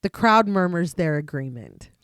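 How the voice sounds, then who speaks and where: A woman co-hosting a podcast, narrating a detailed film plot recap in a steady voice. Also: lowish voice, normal speed, clean tone, no room sound, studio quality. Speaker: podcast co-host.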